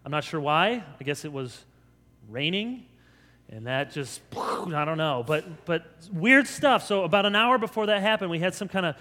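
An American pastor delivers an animated sermon. His voice sits high for a man, and he jumps into quick voiced asides for the crowd. A long reverb trails his words through the hall. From United States. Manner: animated storytelling preacher, acts out crowd voices.

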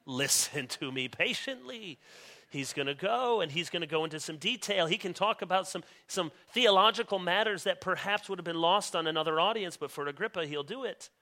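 A man preaching an expository sermon in a high, bright, ringing voice. He reads scripture aloud with rising intensity and leans hard on key words. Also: expressive. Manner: emphatic, pushes key words louder and slower. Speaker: pastor.

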